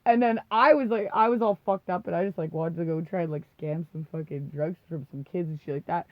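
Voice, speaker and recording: A podcast co-host speaks in a lowish, brisk voice, telling profane, rambling stories in casual conversation, laughing often and acting out what people said. The recording is dull, lo-fi and dry, with no room sound.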